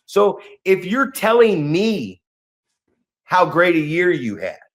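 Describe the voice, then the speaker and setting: Animated, profane man ranting. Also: sits high. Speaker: podcast co-host. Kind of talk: casual podcast rant.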